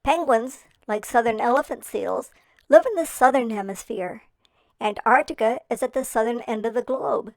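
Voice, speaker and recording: A woman reading a children's picture-book quiz about seals, explaining slowly and clearly with playful questions. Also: fairly high pitch, no room sound.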